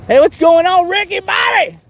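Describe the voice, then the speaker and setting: A man hosting a live fishing stream, chatting casually and excitably, teasing friends and whooping. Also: very high-pitched, normal speed, creaky. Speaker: fishing livestream host.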